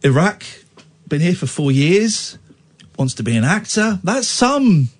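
A man's voice: sits high, big pitch swings, a little slow, slightly rough. A man hosting late-night phone-in radio from a studio, playful and teasing with callers, laughing often.

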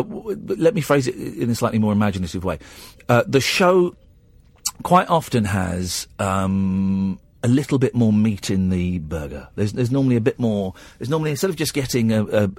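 A man's voice: on the low side, dry recording. A man with an English accent hosting a late-night radio phone-in, rambling and teasing with lots of stammered restarts. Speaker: radio host. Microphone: studio microphone.

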